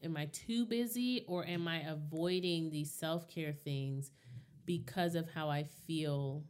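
A woman's voice: low voice, takes it slowly, a little mellow, clean tone. A woman co-hosting a casual talk, speaking candidly and reflectively and often checking in with her listener. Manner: candid, reflective, often asks "you know what I mean". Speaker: podcast co-host. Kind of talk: casual chat.

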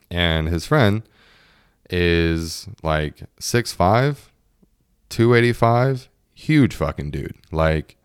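A man's voice: sits low, clear, resonant tone, no room sound, clean studio sound. A young man in his twenties casually telling a story, laughing often and acting out what his friends said.

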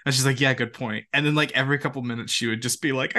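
Bright-voiced young man telling stories. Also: mid-range voice, fast talker. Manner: animated, laughing, quotes friends in voices. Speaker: podcast co-host. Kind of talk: casual chat, storytelling.

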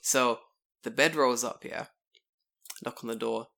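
A man in casual chat, telling an animated story, swearing freely and acting out the people he quotes. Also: mid-range voice, measured pace, vocal fry.

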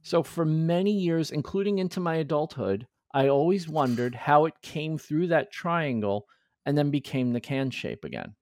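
A man's voice: fairly high pitch, moderate pace, no echo. A man in his forties hosts a casual podcast and tells stories with lots of swing in his voice, jumping up and down as he acts out what other people said. He sounds close and dry on the mic, with no room around him. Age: 40s. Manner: animated storyteller, acts out quoted voices. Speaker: podcast host. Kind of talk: casual chat.

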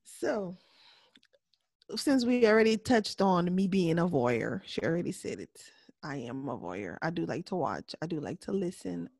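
A woman co-hosting a podcast in casual chat, candid and laughing often, sometimes dropping to a soft voice. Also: lowish voice, big pitch swings, moderate pace, vocal fry, no echo. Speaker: podcast co-host.

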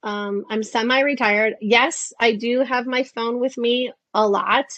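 Woman, 50s, interview guest, animated, acts out quotes, slightly high voice, dry close sound. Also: unhurried, no echo, highs cut off. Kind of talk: casual interview chat.

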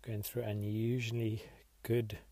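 A man hosting a podcast, leading listeners in a slow, reflective devotional meditation. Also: on the low side, monotone, dry recording. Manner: slow, reflective, soft-spoken. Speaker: podcast host.

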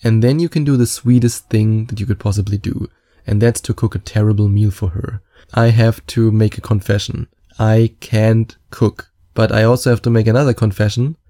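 A man's voice: lowish voice, steady tone, fairly quick, warm tone. A man speaking as a dating coach in a confident, candid and chatty advice monologue, with self-mocking asides.

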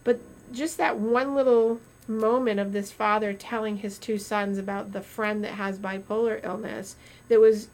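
A woman's voice: mid-range voice, steady tone, normal speed, few pauses, darkish tone. A woman doctor chatting casually on a podcast, telling stories animatedly with metaphors and restarts. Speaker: doctor co-host.

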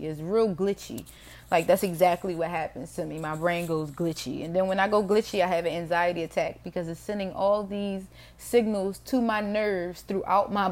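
With a medium-pitched, darkish voice, a middle-aged woman runs her own podcast as a casual solo monologue. She rambles frankly to herself, swears liberally, and laughs often.

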